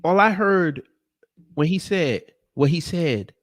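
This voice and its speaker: A man doing reaction commentary in a fairly high, lively voice that swings up and down. He sounds exasperated and sarcastic, and he stammers through restarts. The recording is dry and close. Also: slow, no echo. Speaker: commentary vlogger.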